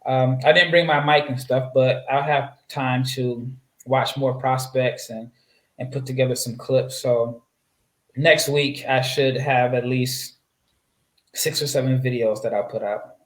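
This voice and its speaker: A man from Nebraska talks as a guest on a basketball podcast, easygoing and full of fillers and restarts. His voice sits at an ordinary middle pitch. The sound is roomy, with audible echo around him. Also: fairly even intonation, unhurried, a bit bright. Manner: rambling storyteller, many fillers and restarts. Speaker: guest draft analyst. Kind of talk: casual interview chat. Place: home setup, away from his usual mic.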